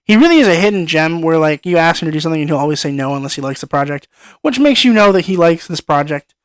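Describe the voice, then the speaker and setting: A man's voice: a little high, expressive, fast, clear, resonant tone, no room sound. Enthusiastic rambling young man. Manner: enthusiastic, rambling, repeats words. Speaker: film review vlogger. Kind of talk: casual film review monologue.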